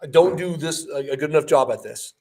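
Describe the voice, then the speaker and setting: A man's voice: a little high, a little fast, darkish tone, far from the mic. Chatty man, a bit off-mic. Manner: upbeat, chatty and enthusiastic. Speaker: mortgage lender and co-host. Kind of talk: casual livestream chat.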